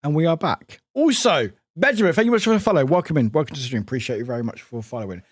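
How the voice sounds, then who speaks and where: A man's voice: on the high side, expressive, very fast, slightly rough, dry recording, clean studio sound. A man chatting on a live gaming stream, rambling, swearing and yelping when startled. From United Kingdom.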